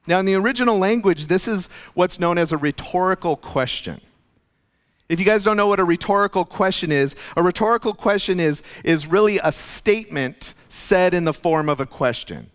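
A male pastor giving an earnest, conversational sermon, going soft and low when quoting figures, recorded in a church. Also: normal speed, clean tone. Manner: earnest, conversational preaching, drops soft and low for quoted lines. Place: church sanctuary. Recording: long reverb of a church hall.

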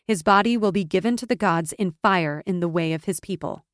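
A proud, commanding young noblewoman, as a woman narrator voices her who speaks with firm contempt. Her voice sits low, and the sound is close and dry. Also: brisk, dry recording, lightly acted.

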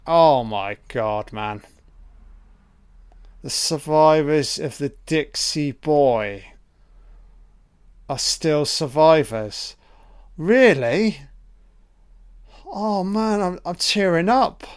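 A man's voice: on the high side, lively intonation, drawn-out words, long pauses, smooth, dry recording, clean studio sound. A man giving a profane, sarcastic film commentary, ranting in exasperation. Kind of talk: audio commentary rant.

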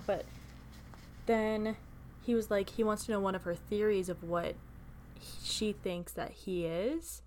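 A woman's voice: mid-range voice, fairly even intonation, a little slow, long pauses, a little mellow. A woman with a mid-range voice chats casually on a podcast, playfully mocking the lines she reads. Faint background noise stays under her. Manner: playful, reads quotes aloud with teasing asides. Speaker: podcast co-host. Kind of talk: casual book-club chat.

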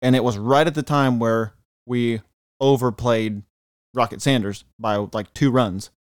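A man co-hosting a casual sports podcast, telling stories in a rapid, exasperated, profane way. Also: medium pitch, steady tone, clean tone, no echo, clean studio sound. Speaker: podcast co-host. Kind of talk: casual sports chat and storytelling.

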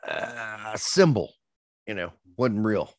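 A man's voice: lowish voice, animated, takes it slowly, no echo, studio quality. A man co-hosting a soccer podcast, telling stories and ranting with plenty of swearing in casual chat. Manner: profane, ranting storyteller.

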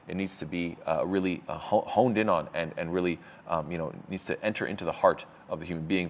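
A man teaching a religious lesson, explaining terms with many fillers and restarts and quick Arabic quotations. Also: deep voice. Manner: reads Arabic quotes quickly. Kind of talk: explaining a lecture.

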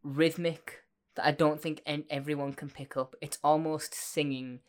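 A woman's voice: low-pitched, fairly even intonation, moderate pace. A woman co-hosting a podcast, chatting casually in a rambling, playful, self-deprecating way. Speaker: podcast co-host. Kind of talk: casual chat.

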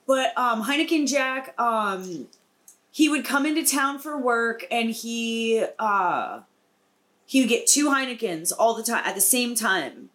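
A young woman with a slightly high voice chats casually on a podcast. She reminisces in a relaxed, reflective way, trading stories with her co-hosts. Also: measured pace. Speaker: podcast co-host. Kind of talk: casual chat.

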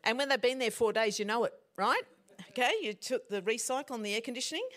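A woman's voice: fairly high pitch, quick pace. A middle-aged woman preaching a sermon in a conversational way, often putting questions to her congregation. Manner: animated, conversational, asks the audience questions.

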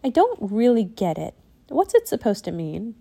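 A woman voicing a young girl bear cub in a storybook reading, with a bright, eager voice. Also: on the high side, wildly swooping pitch, moderate pace, vocal fry, breathy edge, exaggerated voice. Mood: puzzled.

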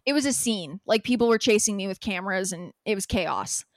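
Young woman, podcast co-host, animated storyteller with a foul mouth, dry close sound. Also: mid-range voice, fairly quick, no echo. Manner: animated, swears freely, acts out quotes. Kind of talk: casual storytelling chat.

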